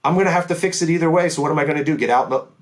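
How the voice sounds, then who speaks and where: A man's voice: fairly high pitch, rapid-fire, voice pushed up, natural voice. A man voicing a laid-back buddy who shrugs off a car dent in a raised voice. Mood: unbothered.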